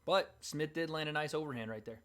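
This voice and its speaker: A man hosting a livestream, giving casual, excited play-by-play and reactions to a fight. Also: fairly high pitch, brisk. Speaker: livestream host. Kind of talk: live fight commentary and reaction.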